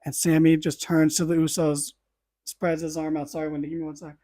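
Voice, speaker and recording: A man hosting a podcast, giving a lively play-by-play recap in casual chat, with offhand asides and the odd swear. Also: on the high side, fairly quick. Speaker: podcast host.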